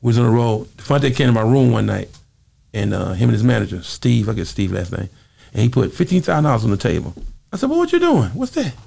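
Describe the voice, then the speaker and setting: Guy with a real gravelly voice, talks fast, tells stories and does everybody's voices. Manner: quick, lively storytelling, acting out quoted voices with big jumps in pitch. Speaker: interview guest, former singer. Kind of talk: animated storytelling interview.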